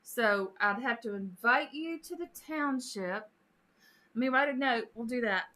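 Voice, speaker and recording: Chatty high-voiced woman streamer. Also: lively intonation, unhurried, bright, forceful tone. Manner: chatty, reads out chat and greets viewers by name, laughs often. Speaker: live stream host. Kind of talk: casual live-stream chat with viewers.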